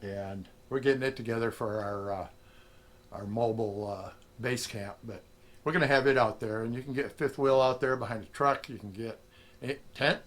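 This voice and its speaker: A middle-aged man, a prospecting vlogger, telling a story casually and acting out the lines of the people in it. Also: mid-range voice. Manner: animated storyteller, acts out quotes.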